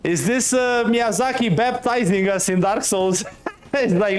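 A man commentating his first play of a game, excitable, laughing often and swearing casually at enemies. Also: very high-pitched, moderate pace. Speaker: gaming streamer.

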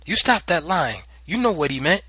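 A man's voice: a little high, moderate pace, no room sound, voice pushed up. A man voicing a harsh, commanding mother. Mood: stern. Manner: sharp, commanding, taunting. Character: stern, harsh mother scolding her young son.

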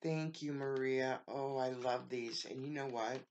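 Give me a woman crafter in casual show-and-tell who talks at an unhurried, drawn-out pace. She gushes over each item with effusive thanks. A faint hiss sits under the voice. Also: extremely low pitch, fairly even intonation, a little mellow, lo-fi sound. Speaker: craft vlogger opening happy mail.

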